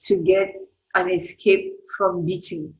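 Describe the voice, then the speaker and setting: A woman's voice: on the low side, steady tone, takes it slowly. Interviewing woman in a roomy space. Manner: brief reactions and prompting follow-up questions. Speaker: host.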